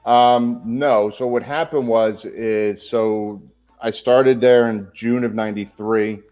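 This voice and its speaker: A man around fifty tells stories with animated energy and swears freely. He speaks at a middle pitch in a casual podcast interview. He talks as a former pro wrestler looking back on his career. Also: takes it slowly. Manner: animated storyteller, swears freely, acts out dialogue.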